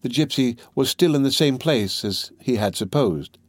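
A man's voice: mid-range voice, no echo, clean studio sound. Man narrating a classic novel. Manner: measured, steady storytelling. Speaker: audiobook narrator. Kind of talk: scripted narration.

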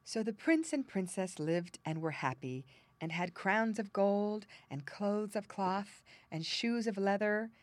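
A woman narrating a classic fairy tale audiobook in a measured, expressive reading. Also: medium pitch, no room sound. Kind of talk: storybook narration.

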